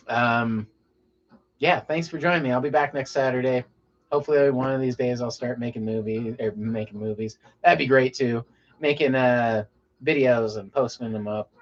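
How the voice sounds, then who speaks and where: A man from Colorado chats loosely to his viewers at the end of a late-night livestream. His talk rambles and sinks to a low mumble, and the sound is dull and lo-fi. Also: moderate pace. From Colorado, USA. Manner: laid-back, rambling, drops to a mumble. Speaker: livestream host.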